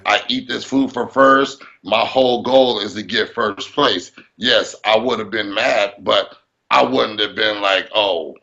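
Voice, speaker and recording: A man talking in a casual interview as a bodybuilder guest, animated, acting out his own thoughts. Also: on the low side, measured pace, vocal fry, lo-fi sound.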